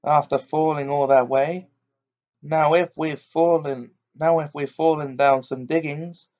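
A man reading aloud voices a kind, steady cabman with a firm, hearty way of talking. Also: fairly high pitch. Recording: dull lo-fi recording.

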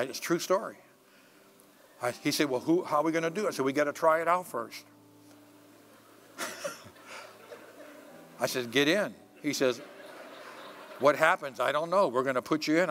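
Bright-voiced man preaching a sermon. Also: medium pitch, slight background noise. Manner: animated storytelling, swings between loud preaching and hushed asides. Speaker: pastor. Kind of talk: sermon with personal stories. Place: church sanctuary.

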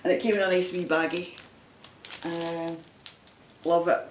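Her voice is fairly low and her delivery flat, at a moderate pace, as this chatty Scottish woman shows things to the camera for her knitting vlog. She rambles and laughs frequently, and the distant mic gives a roomy sound with a little background noise.

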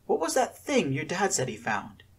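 A man doing an excitable girl with a lilt. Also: high-pitched, moderate pace, creaky, slightly rough, voice pushed up, full character voice. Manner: eager, dropping Spanish words.

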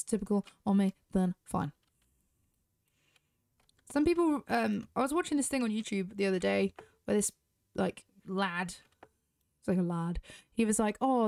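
Speaking straight to her viewers, this British woman gives chatty, casual commentary while playing a horse game, asking questions and thinking aloud. Her medium-pitched voice is gravelly and a little mellow, with no echo. She's a gaming YouTuber.

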